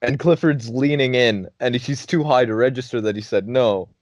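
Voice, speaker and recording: A young man hosting a podcast, telling a story in a casual, animated way, often laughing, swearing and acting out his friends' lines. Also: medium pitch, moderate pace, dry recording. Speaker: podcast host. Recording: dull dry lo-fi recording.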